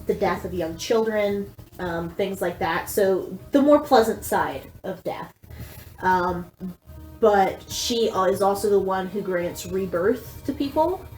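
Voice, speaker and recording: A woman running a tabletop game as game master, explaining lore slowly with many fillers. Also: mid-range voice, a little mellow, echoey room, low-quality recording.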